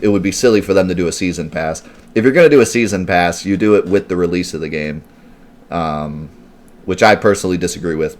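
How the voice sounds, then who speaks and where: A man's voice: deep voice, darkish tone. A man streaming a video game live, chatty and rambling as he answers viewers' questions, with lots of "like" and "um". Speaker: let's play streamer. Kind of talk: live gameplay commentary.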